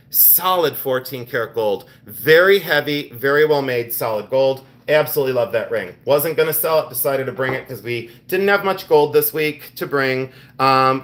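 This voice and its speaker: A middle-aged man hosting a live jewelry sale stream, talking in quick exclamations as he shows each piece. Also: mid-range voice, a bit bright. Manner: exclamatory, enthusiastic show-and-tell.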